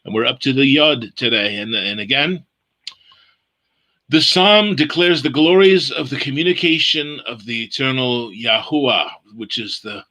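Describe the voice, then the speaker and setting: Bright-voiced man teaching scripture. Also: medium pitch. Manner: unhurried, explaining Hebrew letters and words aloud. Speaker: Bible study teacher. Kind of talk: online Bible lesson.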